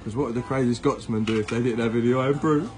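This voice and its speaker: A man's voice: mid-range voice, fairly even intonation, fast, crowd noise. A man setting up the jokes in a comedy sketch, teasing and laughing. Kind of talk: casual prank comedy.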